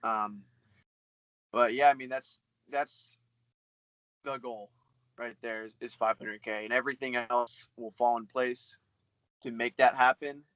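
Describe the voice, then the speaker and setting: A man's voice: mid-range voice, fairly even intonation, fairly bright tone, dry recording, low-quality recording. A man talking casually as an interview guest, loose and chatty, with plenty of fillers and swearing. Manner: fast, loose, swears freely, many fillers. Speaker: guest, book reseller.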